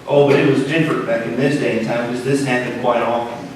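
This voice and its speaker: A man preaching a sermon as pastor, with dramatic swings from loud to hushed. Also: mid-range voice, fairly even intonation, fast, hardly any pauses, noisy background. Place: church sanctuary. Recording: echoey church hall, mic at a distance.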